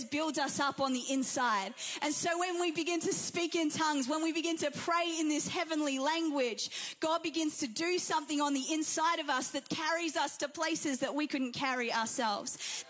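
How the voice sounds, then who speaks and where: A woman delivers a church sermon in a high, bright register. She preaches with fervour, stacking repeated phrases into a rising, rhythmic cadence. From Australia and New Zealand. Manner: fervent, repetitive preaching cadence.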